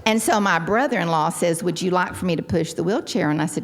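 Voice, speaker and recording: A woman's voice: on the low side, fast talker. An older woman from Texas with a Texan accent, giving a personal testimony at a recovery gathering and acting out the quotes in her story. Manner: animated storyteller, acts out quotes. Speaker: recovery meeting speaker. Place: large hall.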